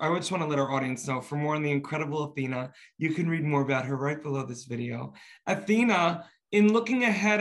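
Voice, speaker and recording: Host: man, slightly high voice, effusive and complimentary, long rambling questions. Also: a bit bright. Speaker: interview host. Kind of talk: interview hosting.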